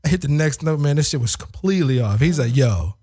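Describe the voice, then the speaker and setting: A man's voice: fairly high pitch, fast, darkish tone. Laid-back man telling studio stories. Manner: laid-back, heavy use of "like", laughs often. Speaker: audio engineer and producer. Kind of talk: casual storytelling chat.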